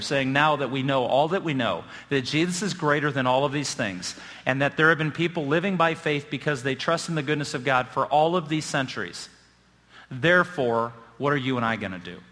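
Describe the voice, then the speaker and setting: A middle-aged man preaching a sermon as pastor, telling stories with self-deprecating humor and building excitement. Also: mid-range voice. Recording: long hall reverb.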